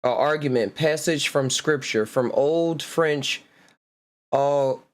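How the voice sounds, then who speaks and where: A man hosting a podcast, reading out word origins slowly in a laid-back way and laughing often. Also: medium pitch. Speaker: podcast host. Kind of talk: casual solo chat reading etymology.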